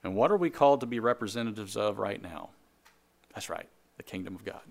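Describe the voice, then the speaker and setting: A man preaching a sermon to a congregation in a conversational way, with jokes, quick asides and repeated phrases. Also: on the low side, animated, vocal fry. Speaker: pastor.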